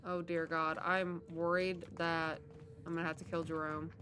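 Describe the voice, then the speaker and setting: A woman giving casual let's-play commentary, chatty, reacting out loud and laughing. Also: on the low side, flat delivery, moderate pace, background noise. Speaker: gameplay streamer. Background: game music.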